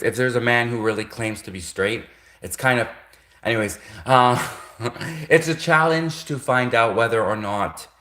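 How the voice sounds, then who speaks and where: A man with a lowish voice rants on a casual livestream. He rambles and circles back on his own points, correcting himself midway and chuckling. The sound carries the echo of a bare room. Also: sharp tone. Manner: rambling, repetitive, with frequent self-corrections and chuckles. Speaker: livestream host.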